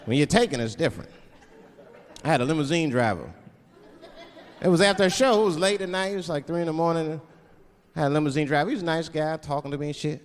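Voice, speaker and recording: A man's voice: on the high side, expressive, fast talker, slight background noise. A man performing a stand-up comedy routine on stage, telling stories and slipping into put-on voices for the people in them. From Washington, D.C. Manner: switches into put-on voices for characters. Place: comedy stage before a live audience. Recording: live stage recording in a large hall with crowd laughter. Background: audience laughter.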